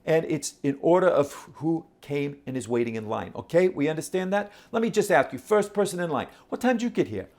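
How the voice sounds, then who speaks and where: A man's voice: fairly high pitch, animated, brisk, hardly any pauses, pitched above the performer's own voice. A man voicing a brash self-appointed line monitor who barks clipped orders and questions people in the queue. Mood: bossy. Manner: loud, clipped, commanding, questioning the crowd.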